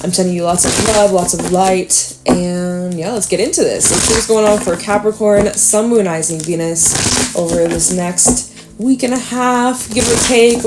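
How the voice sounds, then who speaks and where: A young woman giving a casual, chatty tarot reading. She fills her talk with fillers and sometimes jumps into loud, high-pitched acted lines. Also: heavy background noise. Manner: chatty, upbeat, lots of fillers, acts out voices with loud high bursts. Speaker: tarot reader.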